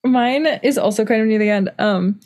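A woman's voice: mid-range voice, normal speed, a little mellow. A young woman co-hosting a casual book chat, rambling with many "like" fillers and restarts. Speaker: podcast co-host.

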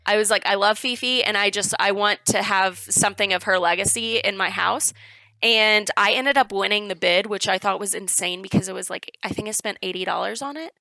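A woman guest telling an excited, chatty story about cosplay, with many fillers along the way. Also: mid-range voice, a little fast, vocal fry, no room sound, low-quality recording. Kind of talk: animated storytelling in casual chat.

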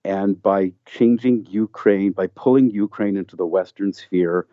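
A man's voice: low voice, a little slow, no echo, dull audio. A man in an earnest, emphatic conversational discussion, often restarting his sentences as he builds his point.

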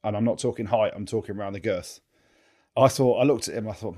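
A man's voice: fairly low pitch, fairly quick, warm tone. An English man co-hosting a rugby podcast, telling stories in casual chat and swearing freely. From England. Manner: chatty storyteller, swears freely. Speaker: co-host, former rugby player.

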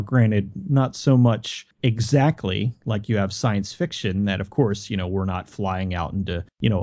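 Rambling man with a dark, muffled voice. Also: lowish voice. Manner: rambling, jokey, trails off. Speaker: podcast co-host. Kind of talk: casual film discussion.

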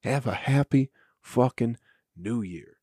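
A man's voice: mid-range voice, animated, slow pace, dark tone, husky, dry recording, clean studio sound. A man hosting his own comedy podcast, ranting casually and profanely into a podcast microphone and breaking into chuckles.

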